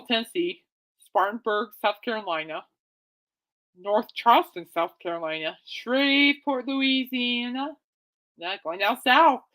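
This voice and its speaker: A woman hosting her own podcast, rambling casually and excitably, often correcting herself. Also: mid-range voice. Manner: chatty, excitable, self-correcting. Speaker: podcast host.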